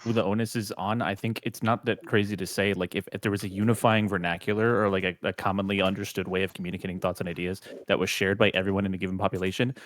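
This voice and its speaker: A man on an online debate panel making a quick, argumentative case with many fillers. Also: low voice, level tone, dry recording. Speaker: panel participant.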